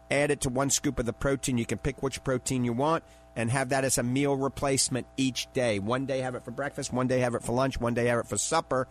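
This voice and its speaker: A middle-aged man with a New Orleans accent hosting a radio call-in health show, plugging products in a chatty salesman's patter and repeating phone numbers. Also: medium pitch. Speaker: radio show host and eye doctor.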